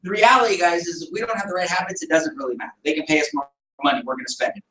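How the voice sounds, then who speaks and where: A man with a high voice delivers an energetic motivational talk to a live audience, throwing out rhetorical questions and acting out little scenes. He sounds distant from the mic, and the meeting room around him is echoey. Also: rapid-fire. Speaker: speaker at a group meeting.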